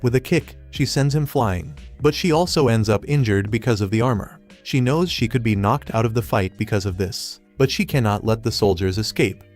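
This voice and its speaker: A man narrating an anime story recap in a steady, even third-person retelling. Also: lowish voice, moderate pace, few pauses, faint music behind.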